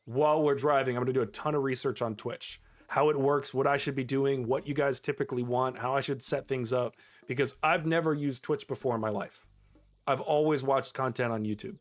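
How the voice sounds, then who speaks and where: A man's voice: medium pitch, fairly even intonation, brisk. Chatty man streaming a game. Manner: chatty, laughs often, talks to chat. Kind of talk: casual live-stream chat while gaming.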